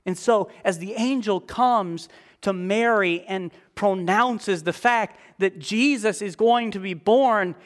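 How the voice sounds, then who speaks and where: A male preacher delivering a sermon, emphatic and reading scripture aloud in a slower, lifted voice. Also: sits high.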